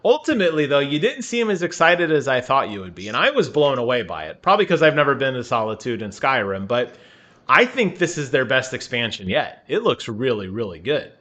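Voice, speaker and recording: A man co-hosting a gaming podcast in casual chat, teasing and animated, laughing often. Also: medium pitch, brisk, highs cut off. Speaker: podcast co-host.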